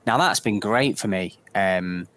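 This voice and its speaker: A man, a podcast guest, telling stories in a casual chat, often pausing with ums. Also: low-pitched, fairly bright tone. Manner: hesitant, with frequent ums.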